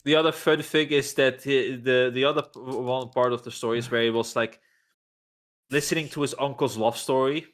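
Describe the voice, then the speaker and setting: A man chatting casually on a stream, retelling a story in a halting, rambling way. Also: medium pitch, steady tone. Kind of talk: casual chat.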